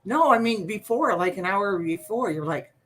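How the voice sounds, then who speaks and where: A woman's voice: mid-range voice, lively intonation, moderate pace, a bit bright, a little hiss or hum. A woman hosting a casual video-call chat, easygoing and giggly. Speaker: host.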